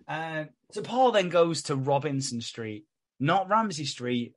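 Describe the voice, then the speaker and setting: A man co-hosting a casual podcast, recapping a soap with swearing and quick voiced asides. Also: fairly high pitch, sing-song. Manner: laughing, swearing, acting out characters in quick asides. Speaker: podcast co-host.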